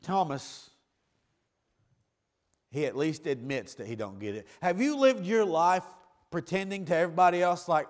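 A male pastor, preaching a sermon that swings between quiet, low asides and loud, raised cries. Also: lively intonation, normal speed, pauses often.

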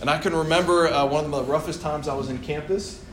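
A young man preaching a sermon in a church, animated and playful, acting out voices as he tells the story. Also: on the high side, fast, slight background noise. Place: church hall. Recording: echoey church room, faint ambience.

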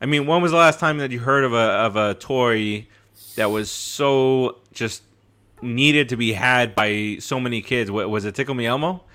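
A man's voice: mid-range voice, moderate pace, bright, forceful tone. A man co-hosting a casual podcast chat, rambling with lots of restarts and laughs. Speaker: podcast co-host.

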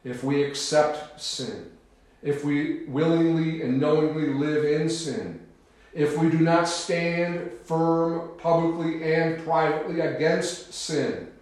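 A man preaching a sermon in a solemn, emphatic, deliberate manner, pausing to stress key words, in a church. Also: fairly high pitch, steady tone, darkish tone. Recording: very echoey room.

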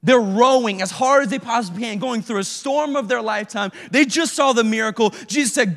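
A man with a very high voice preaches a slangy, animated youth sermon and acts out people's prayers. His voice rings with a long reverb, as in a large hall. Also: brisk, creaky, hardly any pauses. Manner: casual slangy speech. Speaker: youth pastor.

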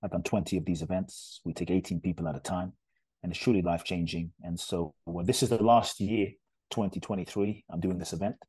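A man from Ghana, a spiritual teacher, telling a story as a podcast guest in an earnest, animated way. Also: low-pitched, brisk, husky, dry recording.

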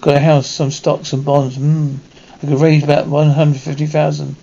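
A man's voice: fairly high pitch, flat delivery, normal speed, gravelly, warm tone. A man doing a terse old shopkeeper in clipped broken phrases. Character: elderly male shopkeeper in broken English. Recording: dull lo-fi recording.

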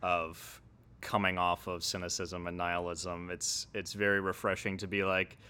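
A man's voice: low voice, monotone, normal speed, pushed and bright, smooth. A man appearing as a guest on a podcast, talking casually, reflective and enthusiastic, with plenty of agreeing murmurs. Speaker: podcast guest, video essayist.

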